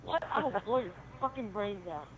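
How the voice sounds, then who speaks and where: A woman's voice: mid-range voice, lively intonation, normal speed, a little hiss or hum, poor audio. A woman playing a swearing, threatening police officer in an improvised game role-play. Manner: bossy, swearing, threatening, shouty.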